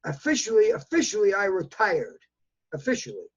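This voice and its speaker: This man in his eighties has a New York accent and a high, lively voice, speaking fairly quickly. He appears as a news interview guest over a video call, emphatic and repetitive, talking in bursts. The video call audio is dull and lo-fi.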